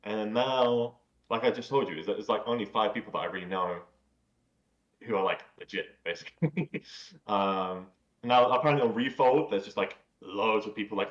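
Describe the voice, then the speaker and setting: A podcast guest with a fairly low voice rambles casually at normal speed, packing every sentence with "like" and the odd swear word. He's on a video call, so the audio sounds dull and lo-fi.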